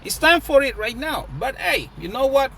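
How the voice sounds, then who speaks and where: A man's voice: very high voice, moderate pace, a little hiss or hum. A man giving casual, emphatic market commentary as a crypto vlogger. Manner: animated, emphatic, preachy.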